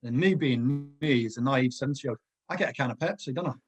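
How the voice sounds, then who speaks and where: A middle-aged man, a former footballer, casually telling animated anecdotes as a podcast guest and laughing often. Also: mid-range voice, fast talker, slightly rough. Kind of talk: casual storytelling.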